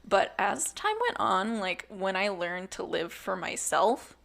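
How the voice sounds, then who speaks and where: A woman's voice: mid-range voice, slow pace, vocal fry, fairly bright tone. A woman co-hosting a film podcast in casual chat, reflective and peppering her speech with "like". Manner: reflective, frequent "like" fillers.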